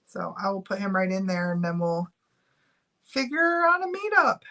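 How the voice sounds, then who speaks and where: A woman's voice: mid-range voice, sing-song, moderate pace, pushed and bright. A middle-aged woman chatting casually on a live stream, giggling often and reading out viewer names while she runs a giveaway.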